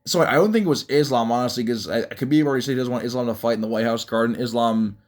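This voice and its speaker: A man's voice: medium pitch, very fast. Young man ranting about fights. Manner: blunt, rambling, mocking, with frequent restarts. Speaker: MMA commentary vlogger. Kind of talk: casual ranting commentary.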